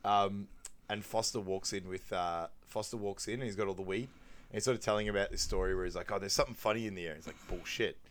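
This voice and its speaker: A man with a fairly low voice chats casually as a podcast co-host. He walks through film scenes one by one, dropping into quoted lines and laughing along the way. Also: steady tone, fast. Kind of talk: casual film recap chat.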